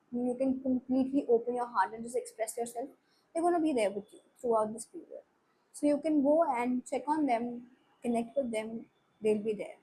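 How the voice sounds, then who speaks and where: A woman's voice: fairly high pitch, mellow, husky, poor audio. A young woman with an Indian accent giving a spiritual reading to viewers, mixing English and Hindi in an earnest, reassuring way. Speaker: tarot reader.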